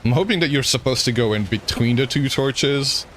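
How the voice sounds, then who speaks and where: A man's voice: mid-range voice, moderate pace, fairly bright tone, a little hiss or hum. A man streaming a game, giving rambling, self-mocking commentary and chuckling often. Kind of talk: gameplay commentary.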